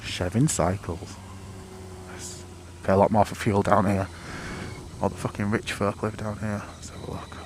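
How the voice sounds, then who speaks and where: A man's voice: on the low side, little pitch movement, normal speed, pauses often, background noise. Sweary man rambling on a motorbike. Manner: rambling, sweary, self-mocking. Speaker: motorcycle vlogger. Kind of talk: casual riding commentary. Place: outdoors riding a motorbike.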